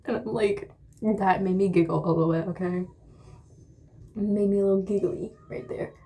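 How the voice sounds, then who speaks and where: A woman's voice: medium pitch, fairly even intonation, moderate pace, dark tone. A young woman telling a dramatic storytime in a chatty, rambling way while doing her makeup. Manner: chatty, dramatic retelling with many asides and fillers. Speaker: beauty vlogger.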